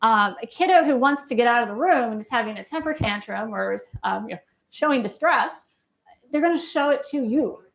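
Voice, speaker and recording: She's a clinician lecturing on a university campus, her slightly high voice animated, fairly fast and creaky. The talk stays casual, with frequent questions to the listeners and a habit of tagging points with "right?"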